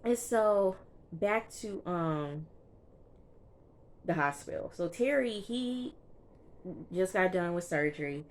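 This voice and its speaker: A female TV recap vlogger talks casually and directly to her viewers about an episode, emphatic and full of fillers. Her voice is on the low side and expressive, and she goes slowly with frequent pauses.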